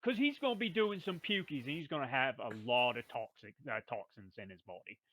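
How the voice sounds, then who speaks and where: A man recapping a tabletop game session in a playful, rough-talking manner, full of slang and asides. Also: medium pitch, animated, brisk, bright, forceful tone. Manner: playful rough-talking brute drawl, "me brother", "we was".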